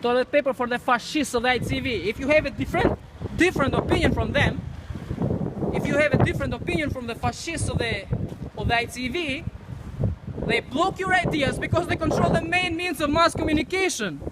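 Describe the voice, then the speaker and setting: High-voiced man ranting in the wind. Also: fairly quick. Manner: repetitive, declamatory ranting. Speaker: street protester. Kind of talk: outdoor protest speech. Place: outdoors on a windy street. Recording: loud wind noise on an outdoor mic.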